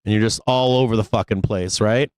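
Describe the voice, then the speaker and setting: A man hosting a live stock market show, giving casual trading commentary in a rambling, profane way with many fillers and quick bursts. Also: lowish voice, a little mellow, low-quality recording.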